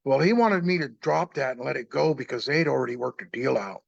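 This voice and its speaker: A man's voice: mid-range voice, expressive, fairly quick, gravelly, no echo, dull audio. A man in his sixties casually telling his own story, plain-spoken and rambling, acting out remembered conversations.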